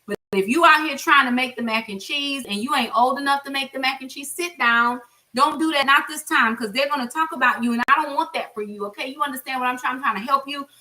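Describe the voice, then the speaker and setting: Bright-voiced middle-aged woman vlogging. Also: high voice, fast. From United States. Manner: chatty, gives blunt advice straight to viewers. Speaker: cooking vlogger. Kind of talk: casual cooking vlog. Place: home kitchen. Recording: voice a bit far from mic.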